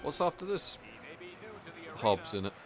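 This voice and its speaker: A medium-pitched, sing-song male voice, a little slow, narrates a speedrun with relaxed humor. He makes fun of other players and drops the odd swear word, joking and mocking throughout with many fillers.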